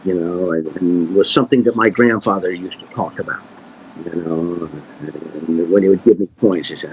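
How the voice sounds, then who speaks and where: Low-voiced man talking loosely. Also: moderate pace, a little hiss or hum, low-quality recording. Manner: relaxed, rambling, many fillers and restarts. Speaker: magician answering questions. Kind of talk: casual conversational Q&A.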